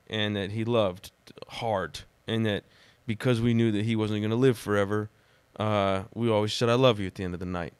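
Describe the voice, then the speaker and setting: A man who is a podcast guest, telling personal stories in a dramatic, animated way during casual conversation. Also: fairly low pitch, smooth, no room sound.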